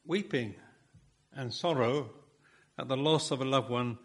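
Husky guy preaching, lots of rhetorical questions, repeats himself for effect. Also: mid-range voice, measured pace. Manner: rhetorical questions, emphatic repetition. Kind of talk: sermon.

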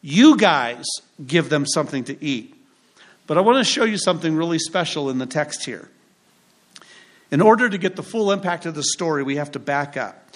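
A man's voice: a little high, animated, a little fast, fairly bright tone. A man preaching a sermon in a church, conversational and joking as he leads the congregation through scripture. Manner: conversational preaching with humorous asides. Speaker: pastor.

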